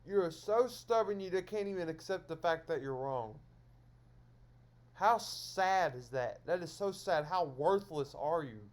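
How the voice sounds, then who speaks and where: A man's voice: fairly high pitch, normal speed, few pauses, a little mellow. A man lecturing his viewers in a solo stream monologue, scolding them over and over in repetitive phrases.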